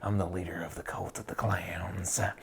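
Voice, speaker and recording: A man voicing a menacing male clown cult leader with a put-on Southern accent, in a hushed, taunting drawl. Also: deep voice, little pitch movement, moderate pace, creaky, breathy edge, exaggerated voice. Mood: hushed menace.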